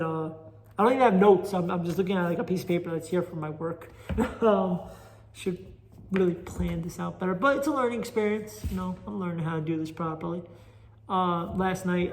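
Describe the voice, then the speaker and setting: A high-voiced man with a darkish tone and a New York Italian accent hosts a solo podcast on his phone, the sound bouncing in an echoey, chamber-like reverb. He's a podcast host and amateur stand-up comic who rambles restlessly through a casual monologue, poking fun at his own stand-up.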